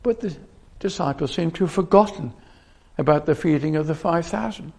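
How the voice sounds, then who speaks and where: Male preacher, gravelly, slightly high, earnest, prone to restarts. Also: moderate pace, darkish tone. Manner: earnest, with frequent restarts and repeated phrases. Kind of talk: sermon.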